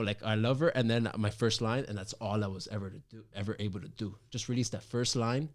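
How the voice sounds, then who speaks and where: A man in his thirties, hosting his own talk show, tells a personal story in casual chat, animated and emphatic with many restarts. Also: lowish voice, fast, hardly any pauses. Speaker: podcast host.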